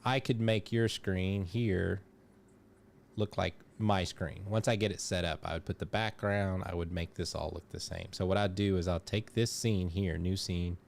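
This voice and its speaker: A man hosting a live stream, casually walking a guest through a software setup, step by step. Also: low-pitched, fairly even intonation, normal speed, vocal fry, a little hiss or hum. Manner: explains step by step, loose and chatty. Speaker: host.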